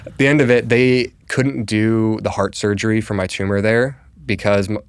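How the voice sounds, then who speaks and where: A young man from Colorado talks as a podcast guest, telling a personal story in a relaxed, conversational way. His voice sits fairly low and comes through smooth and clear, and he keeps saying "like" and acting out what people said. The sound is dry and close, with no room echo. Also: normal speed. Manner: conversational, full of "like", acts out quoted dialogue. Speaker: podcast guest, real estate agent. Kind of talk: casual storytelling interview.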